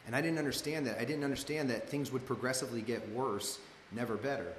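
A man's voice: medium pitch, fast talker, a little hiss or hum. A man from Los Angeles, telling a personal story in a loose, slangy way, full of "like" and "you know.". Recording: echoey hall with long reverb, faint ambience.

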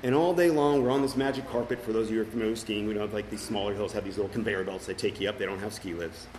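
A man's voice: lowish voice, rapid-fire, darkish tone, a little hiss or hum, low-quality recording. A middle-aged man sharing his recovery story as personal testimony at a meeting, earnest and full of fillers and restarts.

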